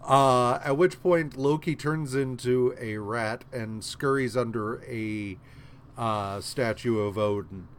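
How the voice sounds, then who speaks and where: A podcast co-host casually retells a story for a comic recap, rambling, swearing and leaning on lots of fillers. His medium-pitched voice is slow and clean.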